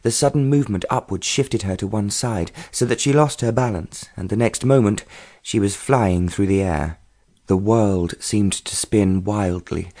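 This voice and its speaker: A man narrating a romance novel audiobook in a measured storytelling manner. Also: fairly low pitch, dark tone. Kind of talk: scripted narration.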